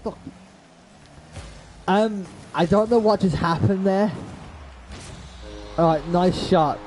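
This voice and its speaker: A man with a high, slightly mellow voice speaks slowly, recorded at low quality with a touch of hiss or hum. Live-streaming a game, he talks right to his viewers in slang, says "bro" a lot, swears and rages at plays, then apologizes.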